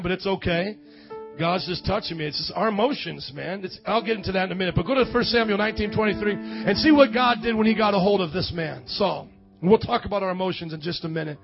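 A man preaching a lively charismatic sermon, with loud excited bursts and quiet musing asides. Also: vocal fry. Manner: excitable, loud outbursts, then drops low to muse. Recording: dull lo-fi church recording with faint music.

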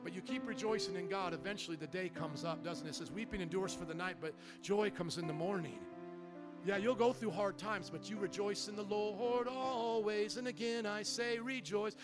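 A man preaching a sermon as pastor, asking the congregation questions and rising into loud, fervent prayer. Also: sits high, normal speed. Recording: church service audio with music behind.

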